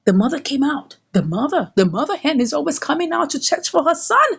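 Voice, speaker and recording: Female reviewer retelling episodes, high swooping voice. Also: a little fast, gravelly. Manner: animated storytelling, acts out dialogue. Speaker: series reviewer. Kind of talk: casual episode recap.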